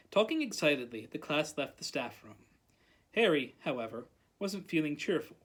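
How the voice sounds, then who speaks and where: A librarian reading a novel aloud at storytime, animated and calling out the characters' lines. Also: mid-range voice, normal speed.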